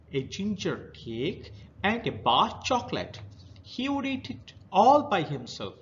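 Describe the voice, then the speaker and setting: Slow, lively Indian English teacher. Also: male voice, on the high side, highs cut off. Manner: reads a passage, then retells it in simple words. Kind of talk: reading a story aloud and explaining it.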